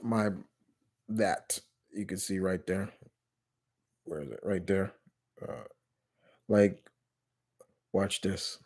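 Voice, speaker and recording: A man's voice: deep voice, fairly even intonation, takes it slowly, long pauses, a little mellow, slightly rough. Rambling man hosting a live Q&A. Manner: rambling, with frequent restarts and self-corrections. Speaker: live stream host answering viewer questions. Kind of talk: casual live Q&A chat.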